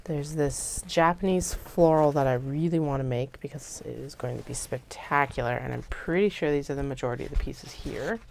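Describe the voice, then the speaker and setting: A woman hosting a craft livestream, chatting casually and thinking aloud as she works, muttering notes to herself and sometimes dropping to soft whispers. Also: rumbling low, normal speed, gravelly, hardly any pauses, a little hiss or hum. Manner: chatty, laid-back, drifts into soft whispers. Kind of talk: casual talk while working.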